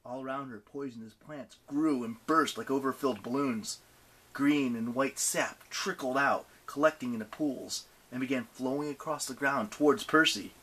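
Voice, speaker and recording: A man reading a novel aloud as an audiobook narrator, with animated, expressive delivery. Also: medium pitch, moderate pace.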